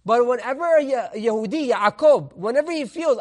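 A man teaching a Torah lesson as a rabbi, telling a parable in an animated way and mixing in Hebrew terms. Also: extremely high pitch, fairly quick.

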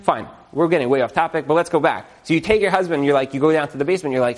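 Animated, chuckling male relationship teacher. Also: a little high, very fast, hardly any pauses. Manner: animated, acts out quotes, chuckles often. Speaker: marriage educator. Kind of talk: casual teaching talk.

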